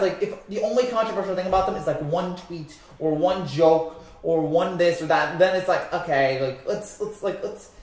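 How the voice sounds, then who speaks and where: A man's voice: sits high, darkish tone, very echoey. A man from New Jersey hosting a live sports stream, rambling through viewer comments with lots of fillers and restarts.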